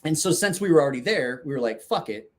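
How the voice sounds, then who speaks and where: Male storyteller with a raised, animated voice; swears freely and rambles through his anecdote. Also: fairly high pitch, quick pace. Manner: profane, rambling anecdote with laughs. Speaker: storyteller guest. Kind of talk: casual storytelling chat.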